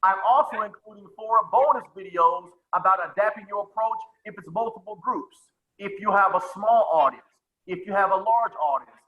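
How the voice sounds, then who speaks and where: A man with a high-sitting voice coaches a live webinar on sales presentations at normal speed, with phone-quality sound. He speaks energetically, repeats his phrases and calls on attendees by name.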